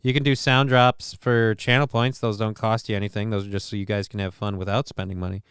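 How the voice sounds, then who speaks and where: A male streamer talks in a loose, rambling way, cursing freely and reading out chat names between remarks. His voice is very clean and smooth, recorded dry and close. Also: lowish voice, little pitch movement, brisk, fairly bright tone, no room sound. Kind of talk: casual live-stream commentary.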